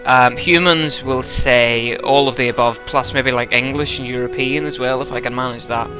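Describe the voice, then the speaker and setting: A man's voice: mid-range voice, fairly even intonation, normal speed, music in the background. Brief: jokey, slightly drunk male game narrator, rambling asides. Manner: joking, rambling. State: tipsy. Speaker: let's-play narrator.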